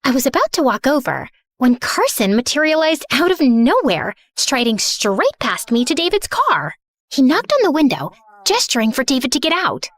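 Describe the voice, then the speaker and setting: A young woman narrates a first-person animated drama in a high voice that swoops all over. Her delivery is sassy, sarcastic and dramatic, recorded dry and close to the mic. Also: normal speed, no room sound. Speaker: narrator and heroine.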